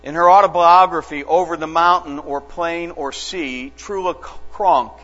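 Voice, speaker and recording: A man preaching a sermon as a pastor, telling stories slowly and earnestly with dramatic pauses. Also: a little high, a bit bright, faint music behind. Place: church sanctuary. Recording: dull lo-fi church recording with long reverb and mains hum.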